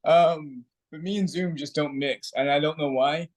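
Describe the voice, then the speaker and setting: A male actor as a guest on a video call, talking casually and haltingly about his trouble with online auditions. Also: a little high, fairly even intonation. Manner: halting, self-deprecating. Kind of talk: casual chat.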